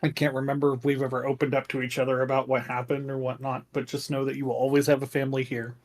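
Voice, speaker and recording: A man voicing a gentle, humble male Lycan tribe leader who speaks softly and formally, with halting pauses. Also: medium pitch, little pitch movement, close to an everyday voice. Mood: fond. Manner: soft-spoken, halting, formal farewell speech.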